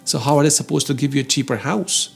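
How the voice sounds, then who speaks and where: A man's voice: on the high side, fast talker, creaky, breathy edge, faint music behind. A man hosting an opinionated commentary show on the economy. He talks emphatically, calls his listeners "folks" and grows heated as he argues. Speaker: host.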